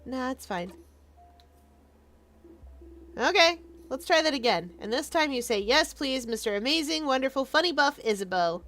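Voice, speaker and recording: A woman's voice: sits high, lively intonation, moderate pace, pauses often, a bit bright. A woman voicing a cocky, friendly buff young man in a video game, talking in a teasing, boastful way.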